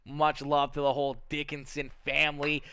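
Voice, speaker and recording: A man's voice: on the high side, completely flat delivery, moderate pace, pushed and bright, clear, resonant tone. A young Canadian man hosting a sim racing broadcast, upbeat and chatty with lots of fillers. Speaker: race broadcaster. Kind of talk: sim racing commentary and interviews.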